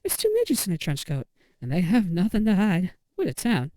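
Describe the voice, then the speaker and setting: A woman's voice: lowish voice, wildly swooping pitch, a little fast, warm tone, dry recording. A woman giving casual commentary over a video game, reading out game text with wry, amused asides. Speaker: let's play host. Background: faint game music.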